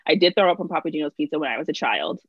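A woman's voice: deep voice, expressive, rapid-fire, slightly rough, no room sound, lo-fi sound. A young woman telling a personal story in casual podcast chat, talking in a rambling way with lots of fillers and restarts. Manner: chatty, lots of "like" and restarts, laughs through stories.

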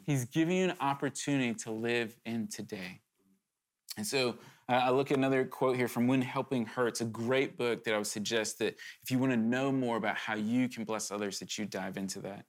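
A man's voice: mid-range voice, a little fast. A man preaching a sermon to his congregation, earnest and urgent, talking conversationally with candid asides and sudden emphatic rises.

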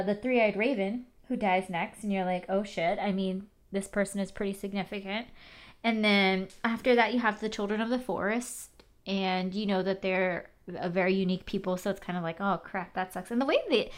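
A woman in casual recap chat, animated, swearing and using many fillers. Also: mid-range voice, normal speed.

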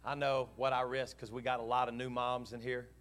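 A man's voice: medium pitch, flat delivery, fairly quick, fairly bright tone. A man preaching a sermon, telling a story in an earnest, heartfelt way and voicing both sides of a dialogue. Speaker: pastor.

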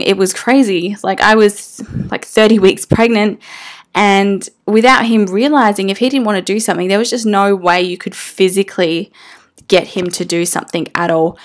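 Earnest young mother telling her story. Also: medium pitch. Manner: earnest and emotional, casual slang and fillers. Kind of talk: candid personal storytelling.

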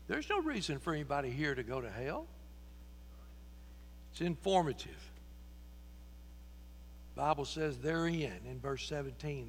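An impassioned male preacher whose voice sits high and rings bright and forceful. He tells his sermon as a story, repeating phrases as he builds. His voice echoes through a long church hall over a faint mains hum. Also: lively intonation, measured pace, long pauses.

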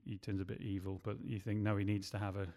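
A man's voice: fairly low pitch, level tone, fast talker, warm tone, big-room sound. A man who writes and produces films, talking in a loose, rambling way and often stopping to correct himself. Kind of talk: casual chat.

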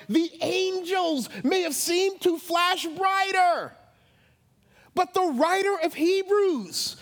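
A man preaching a sermon in a lively, conversational way with dramatic emphasis. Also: very high voice. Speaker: pastor. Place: church sanctuary.

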